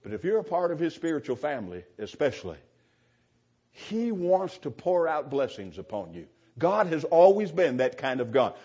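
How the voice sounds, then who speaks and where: A man's voice: on the high side, a little mellow, breathy edge. A man preaching a sermon to a congregation, earnest and emphatic, repeating and restarting phrases for stress. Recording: dull, lo-fi recording.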